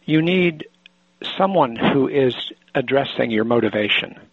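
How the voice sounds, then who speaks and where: An older man from Oregon, a psychoanalyst, telling a personal story in a halting, thoughtful way with many restarts, on a muffled lo-fi recording. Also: medium pitch, lively intonation, slightly rough, dry recording. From Oregon, USA.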